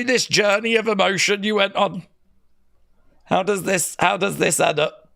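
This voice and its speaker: A man's voice: sits high, unhurried, creaky, pushed and bright. A man streaming a watch-along, chatting casually and sarcastically while reading chat aloud. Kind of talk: casual live reaction chat.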